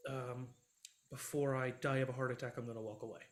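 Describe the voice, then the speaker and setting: A man voicing an awkward, remorseful man in a tabletop role-play, who talks haltingly and apologetically. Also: mid-range voice, little pitch movement, lightly acted.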